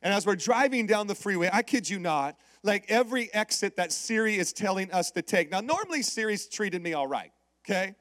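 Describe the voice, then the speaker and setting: High-voiced male preacher, dry close sound. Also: fairly quick, dry recording. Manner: animated storytelling with call-outs to the congregation. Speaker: pastor. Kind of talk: sermon.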